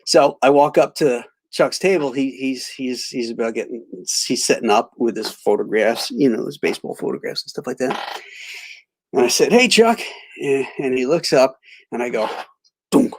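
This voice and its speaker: A middle-aged man hosting a live stream, telling a rambling story full of halting restarts and reading out chat greetings. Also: mid-range voice, breathy edge. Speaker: livestream host.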